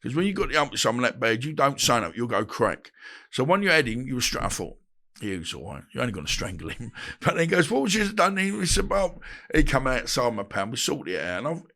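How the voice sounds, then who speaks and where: A podcast guest who boxes, a man in his 50s, talks fast at a medium pitch while telling interview stories. Animated throughout, he performs phone calls and fights in shifting voices, imitating the people he quotes.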